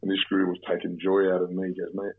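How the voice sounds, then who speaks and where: Australian man, very low husky voice, rambling and profane, tinny phone-like sound. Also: completely flat delivery, fast talker. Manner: rambling, profane, many restarts. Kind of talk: casual storytelling.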